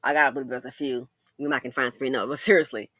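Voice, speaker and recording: A woman's voice: rumbling low, fairly even intonation, fast talker, no echo. A middle-aged woman, telling stories in a casual commentary monologue, laughing and addressing the ladies directly. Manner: laughs and breaks into loud exclamations. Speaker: commentary channel host.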